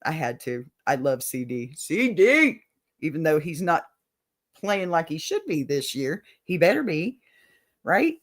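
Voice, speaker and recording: A woman's voice: deep voice, animated, unhurried. An older woman from Texas with a Southern accent, hosting a casual show. She chats freely and laughs often. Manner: chatty, laughs often, says y'all. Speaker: podcast host. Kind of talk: casual chat.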